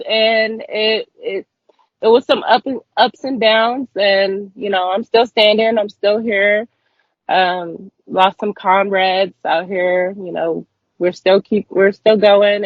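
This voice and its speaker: Rambling heartfelt guest on a podcast call, middle pitch, lo-fi dry sound. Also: no room sound. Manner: heartfelt, rambling, casual slang. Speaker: guest, mutual aid organizer. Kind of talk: remote interview chat.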